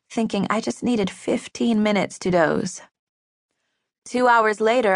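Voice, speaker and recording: A woman's voice: medium pitch, fairly bright tone, no room sound. Woman narrating an audiobook, dry studio. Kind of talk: scripted first-person narration. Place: studio booth. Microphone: studio microphone.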